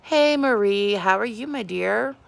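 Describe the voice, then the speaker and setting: A woman's voice: mid-range voice, lively intonation, a little slow, creaky, dry recording. A woman in her thirties hosting a casual livestream from her porch, chatting with viewers and greeting them by name. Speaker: beauty vlogger hosting a livestream. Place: outdoors on a porch.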